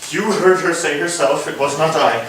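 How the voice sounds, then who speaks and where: A man's voice: fairly high pitch, moderate pace, close to an everyday voice. A man playing a tormented jealous general. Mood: scornful. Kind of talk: stage Shakespeare acting. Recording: roomy hall, distant mic, faint noise.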